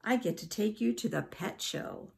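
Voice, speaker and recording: A woman voicing a loud, eager young boy in a storybook, excited and boastful. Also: mid-range voice, moderate pace, creaky, voice pushed up.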